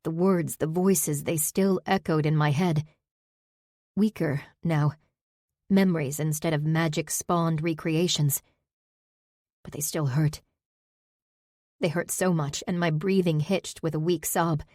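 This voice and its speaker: A woman's voice: low-pitched, fairly even intonation, unhurried, pauses often, darkish tone, no room sound. A woman narrating a first-person fantasy audiobook with intimate, emotional storytelling on a close studio mic.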